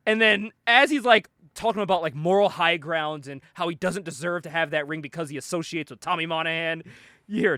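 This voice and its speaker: A young man co-hosting a casual podcast, retelling a comic book story with lively voices for the characters and frequent laughs. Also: a little high, fairly quick, no room sound, studio quality. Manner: animated retelling, acting out characters' lines with laughs. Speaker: podcast co-host.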